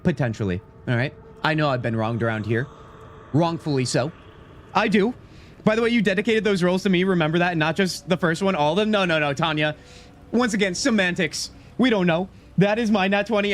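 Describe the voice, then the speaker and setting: A young man streaming gameplay live, excitable and teasing as he banters with his chat. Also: sits high, moderate pace, a little hiss or hum.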